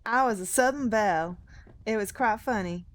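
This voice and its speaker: A woman's voice: mid-range voice, normal speed. A tired woman streaming a game, chatting wryly and reading signs aloud. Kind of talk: casual gaming stream commentary.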